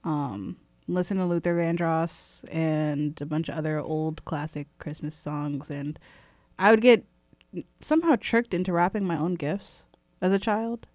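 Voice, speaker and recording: A woman's voice: sits low, a little slow, darkish tone, no echo. A young woman co-hosting a podcast, telling personal stories in a wry, jaded, casual way. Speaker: podcast co-host. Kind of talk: casual chat, storytelling.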